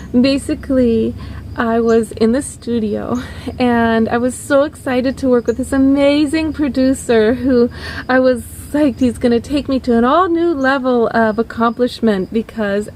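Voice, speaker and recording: A woman singer telling a personal story in a casual, animated and expressive monologue. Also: fairly high pitch, a little hiss or hum.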